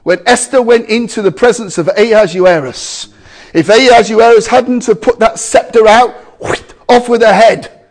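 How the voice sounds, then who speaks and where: A man preaching a sermon to a congregation, emphatic, with loud exclamations and quiet asides. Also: high-pitched, fairly even intonation, moderate pace.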